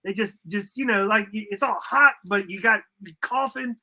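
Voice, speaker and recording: A man with a high, ringing voice keeps up an excitable, joking flow of slangy banter on a live stream. He is getting over a summer cold. His tone stays bright and forward throughout. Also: normal speed. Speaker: co-host. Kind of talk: casual chat.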